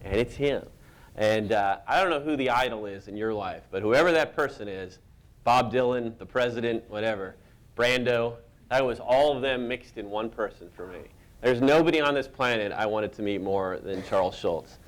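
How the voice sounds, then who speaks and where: A man sits for an interview and tells stories about his career with lively, self-deprecating humor. His voice sits in an ordinary middle register, and he often breaks into amused laughter at his own anecdotes. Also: medium pitch, moderate pace. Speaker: cartoonist guest.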